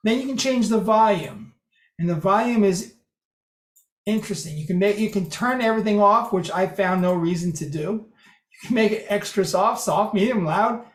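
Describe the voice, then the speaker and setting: A man with a high voice talks a group through settings in a relaxed, joking way. The room around him is roomy and echoing. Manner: chatty, dry humor, mimics phrases. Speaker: presenter demonstrating speech software. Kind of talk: casual group meeting talk. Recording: roomy echo.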